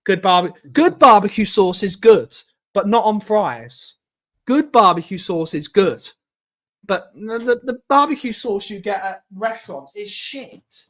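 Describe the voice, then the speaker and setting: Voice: mid-range voice, animated, unhurried. A host in a casual live-stream chat, ranting emphatically with strong opinions.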